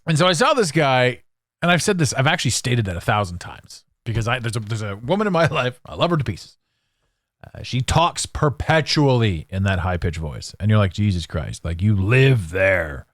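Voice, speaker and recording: A man's voice: medium pitch, sing-song, fairly quick, fairly bright tone, dry recording, studio quality. A man hosting a podcast, talking in a candid, meandering monologue with casual swearing and frequent restarts. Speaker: podcast host.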